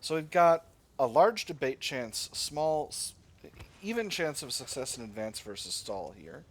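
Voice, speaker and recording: A man's voice: medium pitch, very animated, measured pace, slight background noise. A man casually commenting on his strategy game as he plays, thinking aloud and often correcting himself. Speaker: let's play gamer. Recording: game music playing underneath.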